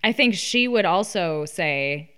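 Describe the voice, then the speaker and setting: A woman hosts a casual interview with a smooth, clean voice. She asks questions in a conversational way and teases her guest lightly. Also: lowish voice, expressive, slow pace, a bit bright. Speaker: podcast host.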